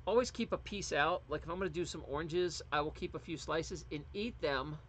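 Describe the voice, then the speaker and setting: Man, middle-aged, from the US, casual livestream host, rambling delivery, lots of fillers, slightly high voice. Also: a little fast, fairly bright tone, a little hiss or hum. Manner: rambling, chatty, with many fillers and restarts.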